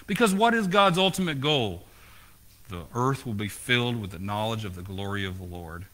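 A man's voice: medium pitch, big pitch swings, moderate pace, a bit bright. A man preaching a sermon as pastor, asking the congregation questions, his voice rising and falling. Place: church.

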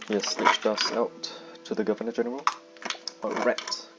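A man's voice: fairly low pitch, flat delivery, normal speed, muffled recording, over loud music. A man giving casual gameplay commentary, often exclaiming in frustration at the game.

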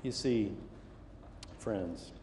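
A man's voice: fairly low pitch, very slow, warm tone, echoey room, in a large hall, a little hiss or hum. A middle-aged man preaching a sermon, telling a story with lots of energy and acting out the voices and sounds. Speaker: pastor. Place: church sanctuary.

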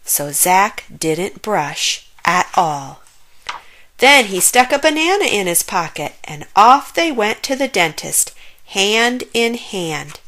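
A woman reading a children's story aloud with expressive, playful narration. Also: mid-range voice, slow pace.

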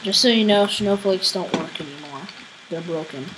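A woman hosting a game channel, giving casual let's-play commentary, excitable and yelling at opponents. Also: lowish voice, normal speed, noisy background. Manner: excitable, squealing and shouting at opponents. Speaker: gaming channel host.

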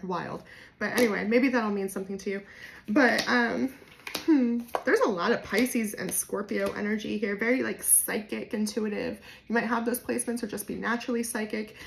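With a New Jersey accent, a woman gives a casual, off-the-cuff tarot reading to the camera, her delivery swinging from gentle musing to loud outbursts. Her voice sits in the mid range and has a creaky quality.

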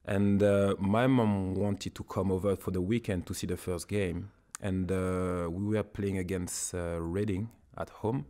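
A man with a French accent, a former footballer chatting as a guest, halting and searching for his words. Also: deep voice, steady tone, mellow. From France. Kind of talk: casual interview chat.

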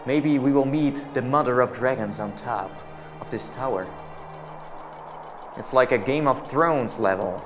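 A man's voice: medium pitch, measured pace, pauses often, over music. A man giving let's-play commentary on a game. He is jumpy and jokey, exclaiming and laughing as he plays. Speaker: VR gameplay commentator.

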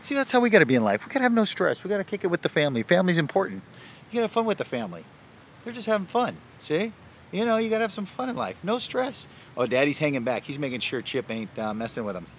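Man, high voice, sing-song baby talk to animals, outdoor parking-lot vlog on dull lo-fi camera audio. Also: sing-song, fast, slight background noise. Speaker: vlogger.

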